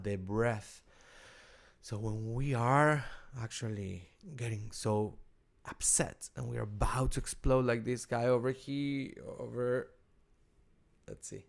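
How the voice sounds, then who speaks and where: A middle-aged man, a rabbi and cantor with an Argentine Spanish accent, giving an informal teaching talk, halting often and repeating words as he restarts. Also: mid-range voice, gravelly.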